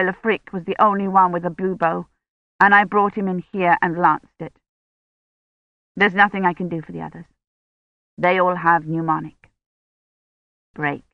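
A woman narrating a first-person audiobook in an earnest, quietly worried diary-reading manner, in a dull lo-fi recording. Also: mid-range voice, no echo.

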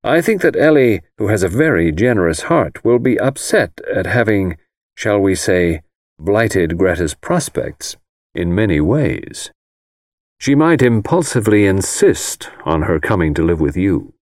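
A man reading the part of a precise, disapproving older lawyer in an audiobook, measured and formal, choosing his words carefully. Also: sits low, lively intonation, darkish tone, dry recording, clean studio sound.

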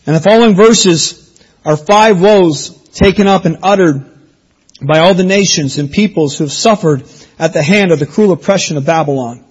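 A man's voice: high-pitched, moderate pace, a little mellow, husky, dull audio. A man preaching an expository sermon, reading scripture aloud and explaining it in an earnest teaching manner. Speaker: pastor.

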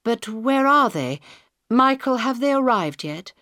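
A tense female prime minister gives orders in a crisis, read by a woman narrator. She speaks loudly and urgently, with a firm, commanding edge. The delivery is unhurried and deliberate. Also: a little high, animated, dry recording, clean studio sound, voice pushed up.

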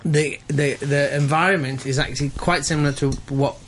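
A man talking as a chef guest in a radio studio, casual and halting, full of fillers and restarts. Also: on the high side, fairly even intonation, a bit bright, a little hiss or hum.

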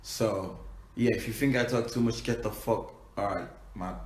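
A man's voice: on the low side, moderate pace, a little hiss or hum. Brash Nigerian man, echoey room. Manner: brash, profane, playful. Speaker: musician. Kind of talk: casual vlog advice.

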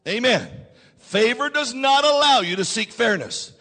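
High-pitched, bright-toned preaching man. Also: expressive, unhurried, in a large hall. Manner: call-and-response preaching, repeats lines, rises to shouts. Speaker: pastor. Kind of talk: sermon.

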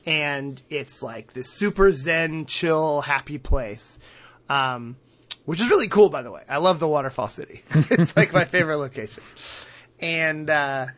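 With a fairly bright voice on the high side, this podcast co-host retells a cartoon episode in relaxed conversation. He laughs frequently, leans on fillers, and performs the quoted lines.

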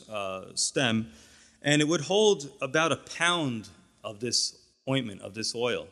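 Male pastor, relaxed teaching sermon with chatty asides, recorded in a reverberant church hall. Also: mid-range voice. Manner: conversational teaching with fillers and asides.

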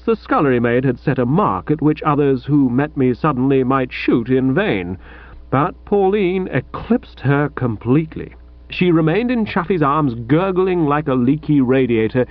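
A man reads a comic novel aloud in wry, mock-grand tones, his pitch rising and falling with animation. The recording is close and dry, with a slightly dull, muffled edge. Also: no echo. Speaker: audiobook narrator. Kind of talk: comic first-person novel reading.

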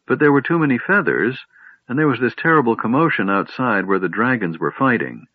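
A man voicing an eager, chatty male kender who tells tales excitedly and stammers at times. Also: medium pitch, brisk, lightly acted. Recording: tinny phone-like line, dry.

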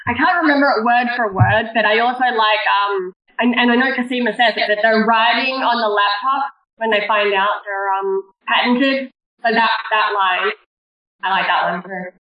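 Higher-voiced hesitant woman, muffled. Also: normal speed, far from the mic. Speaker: podcast panelist. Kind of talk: casual podcast chat.

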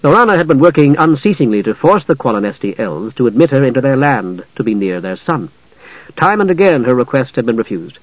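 Guy reading a fantasy book, measured and even, kinda dull dry recording. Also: medium pitch, dry recording. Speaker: audiobook narrator. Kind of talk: scripted fantasy narration.

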